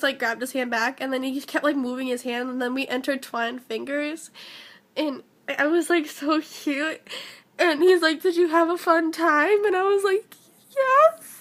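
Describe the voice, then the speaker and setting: A high-voiced teenage girl recounts a personal story in a breathless, gushing rush. Her speech is shaky and tearful, and she leans on "like" constantly. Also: fairly even intonation, moderate pace, fairly bright tone. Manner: breathless, gushing, heavy use of "like". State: shaky and emotional, near tears. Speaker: vlogger.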